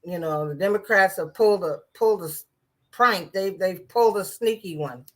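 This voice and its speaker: A woman's voice: lowish voice, moderate pace. A woman giving casual political commentary in a sarcastic, rambling way, with many restarts and asides.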